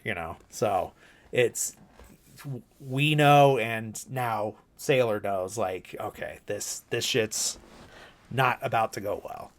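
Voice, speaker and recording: Male podcast co-host, lowish voice, loose rambling recap, curses casually. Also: slow. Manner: rambling, loose, swears freely, heavy "like" and "you know".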